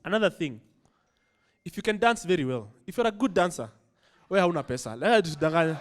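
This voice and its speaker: High-voiced Kenyan man doing stand-up. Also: lively intonation, fast. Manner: playful, mixes English and Swahili slang. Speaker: stand-up comedian. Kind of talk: stand-up routine.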